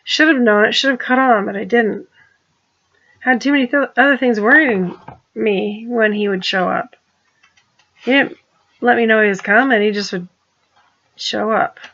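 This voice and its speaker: A woman's voice: a little high, moderate pace, long pauses, a bit bright, muffled recording. A woman talking in a rambling personal monologue, restarting her sentences and turning pointed and accusing. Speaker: vlogger.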